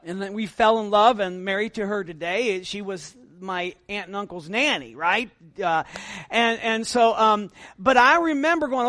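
Male pastor, middle-aged, lively sermon delivery with soft asides and loud peaks, self-deprecating, dry close sound. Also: high-pitched, normal speed, no room sound. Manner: animated preaching with big swings between quiet asides and loud emphatic lines; self-deprecating humor, chatty asides to the congregation.

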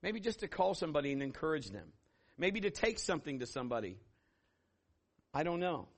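A middle-aged man preaching a sermon as pastor, telling stories and acting out voices with sudden loud bursts. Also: a little high, very animated, fairly quick.

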